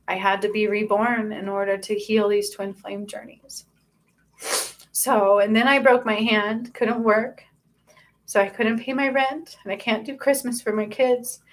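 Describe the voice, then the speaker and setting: A woman speaking as a spiritual channel host. She gives an earnest, confessional personal testimony and often stops and restarts mid-sentence. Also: a little high. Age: adult.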